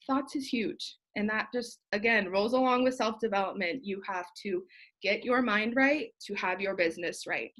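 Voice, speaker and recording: On a motivational live video, a young woman who is feverish and sweaty pumps up her sales team. Her medium-pitched voice is a bit bright and a little slow, and her talk is rambling, jokey, and full of casual swearing, asides, and laughs.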